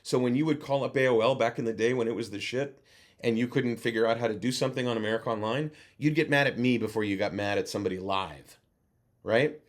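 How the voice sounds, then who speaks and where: A man, a guest actor and voice-over coach, telling lively anecdotes in a casual interview over a video call. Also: medium pitch, fast talker. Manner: animated anecdote teller who acts out other voices.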